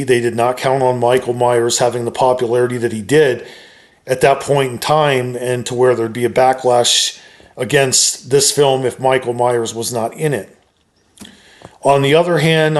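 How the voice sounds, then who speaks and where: A man talking straight to his viewers, giving his opinion of a horror film in a relaxed, conversational way with frequent hedges. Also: medium pitch. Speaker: YouTuber reviewing a film. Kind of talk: casual opinion monologue.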